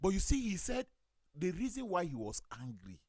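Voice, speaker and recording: Nigerian male talk-show host and pastor, animated storyteller, close dry studio mic. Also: high-pitched, normal speed, no echo. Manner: storytelling, acts out quoted voices, lively. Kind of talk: studio talk show chat, telling anecdotes.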